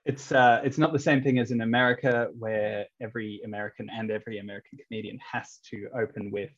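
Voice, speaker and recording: This English-born comedian and street performer is a guest on a podcast, talking briskly in a fairly low, fairly even voice. He rambles through casual chat full of ums and chuckles. The audio is dull and lo-fi.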